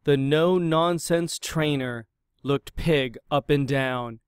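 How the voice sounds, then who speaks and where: Man, storybook reader, very slow delivery, slightly high voice, dry close sound. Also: clear, resonant tone, dry recording. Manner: expressive, dramatic read-aloud. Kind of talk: reading a picture book aloud.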